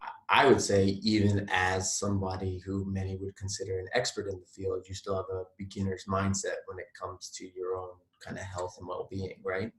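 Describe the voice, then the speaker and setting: A man hosting a relaxed podcast interview, with an extremely deep, low voice. He speaks in a loose, conversational way. A roomy echo hangs on the sound. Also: a little fast. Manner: relaxed, frequent mm-hmms, conversational. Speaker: podcast host. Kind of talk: casual interview chat.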